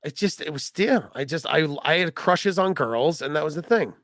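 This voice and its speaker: Man, 40s, co-host, joker who riffs on bits, slightly high voice. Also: lively intonation, normal speed, a bit bright, dry recording, studio quality. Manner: jokey, riffing on bits. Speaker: podcast co-host. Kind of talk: casual chat.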